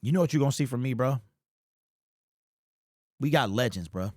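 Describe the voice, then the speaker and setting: A man's voice: medium pitch, lively intonation, moderate pace. A man in the middle of his voice range delivers a heartfelt, rambling sports commentary for his own channel. He speaks casually, repeats phrases, and drops "bro" often. The sound is dry and close, with no room echo. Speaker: fan channel host. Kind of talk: emotional sports commentary monologue.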